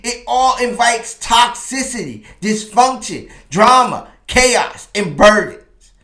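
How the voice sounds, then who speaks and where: A man's voice: very high voice, expressive, slow, bright, forceful tone, reverberant. A middle-aged man hosting relationship advice, talking in an emphatic, preacherly way and stressing each word in long lists. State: tearful and choked up. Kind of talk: impassioned advice monologue.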